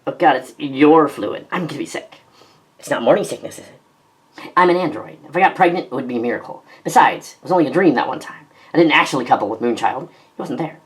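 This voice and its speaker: A low-voiced woman performing a sci-fi fan audio drama. She switches quickly between characters, with a sarcastic, melodramatic delivery. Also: animated. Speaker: narrator and voice actor. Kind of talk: fan audio drama, reading many parts.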